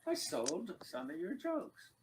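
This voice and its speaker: Man doing a wisecracking boy dummy, sassy, lively pitch, quick comebacks, slight background noise. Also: heavily acted, poor audio. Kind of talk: ventriloquist comedy act.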